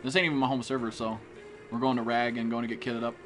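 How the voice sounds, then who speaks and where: A man's voice: mid-range voice, flat delivery, fast, music in the background. A man streaming a game live, swearing and trash-talking other players while he greets chat viewers. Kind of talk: live gameplay commentary.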